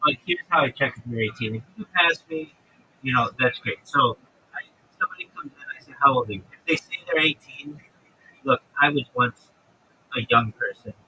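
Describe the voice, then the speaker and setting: A man's voice: medium pitch, normal speed, pushed and bright, a little hiss or hum, rough recording. A man hosting a livestream, chatting casually and swearing as he jokes, acting out imagined conversations in different voices. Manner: profane, joking, acts out imagined dialogue. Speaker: livestream host.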